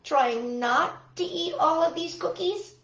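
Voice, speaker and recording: A woman's voice: very high voice, slow, a bit bright, roomy sound, dull audio, pitched above the performer's own voice, exaggerated voice. Woman doing a plaintive, greedy storybook toad. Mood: pleading. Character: greedy, childlike male toad friend.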